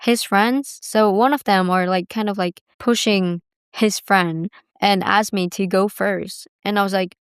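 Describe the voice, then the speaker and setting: This woman's medium-pitched voice is clear and resonant, steady in tone and a little slow, in a dry, studio-quality recording. She's a Balinese vlogger in her 20s, rambling chattily through casual stories and saying "like" constantly.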